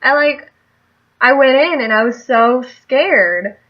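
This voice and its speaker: A woman's voice: high-pitched, animated, slow pace, highs cut off. A young adult woman telling a story in a casual vlog, chatty and rambling, often laughing. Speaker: vlogger.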